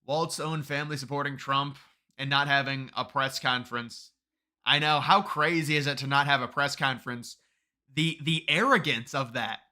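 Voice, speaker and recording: A man's voice: fairly high pitch, fairly quick, bright, forceful tone. A man live streaming political commentary while answering viewer chat, argumentative and emphatic, often restarting and repeating words. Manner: argumentative, gets heated and emphatic.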